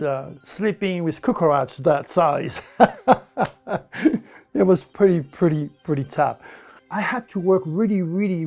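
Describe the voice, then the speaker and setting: A man with a French accent telling his life story in broken English, animated and repeating words as he goes. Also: on the high side. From France. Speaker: interviewee. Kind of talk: personal storytelling.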